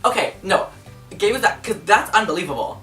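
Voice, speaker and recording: A woman hosting a casual chat show, talking in an animated, dramatic way with gasps and outbursts. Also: medium pitch, a little fast. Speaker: host. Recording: roomy echo, distant mic, faint music.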